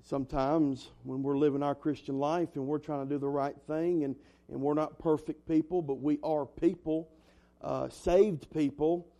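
A man's voice: on the high side, fairly even intonation, moderate pace, mellow. A young man preaching an earnest, emphatic sermon as a pastor, in a folksy way. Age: young adult.

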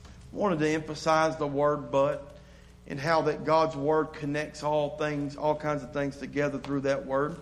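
A man's voice: a little high, level tone, unhurried. A man preaching an evening sermon as pastor, repeating and restarting phrases as he builds emphasis, then leading a closing prayer.

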